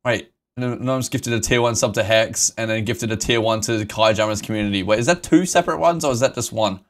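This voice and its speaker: A man live-streaming a game, excitable and emotional, swearing and laughing often as he talks to his chat. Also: on the low side, quick pace.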